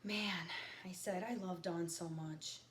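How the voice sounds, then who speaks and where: A woman's voice: fairly low pitch, steady tone, slow. Woman teacher reading aloud, echoey room. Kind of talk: read-aloud with teaching asides. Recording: echoey room with faint background noise.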